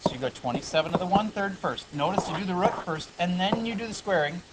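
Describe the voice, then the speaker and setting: A man's voice: high voice, quick pace, heavy background noise. Joking man teaching a math class. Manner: chatty, joking asides between explanations. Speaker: high school math teacher. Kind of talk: classroom lecture.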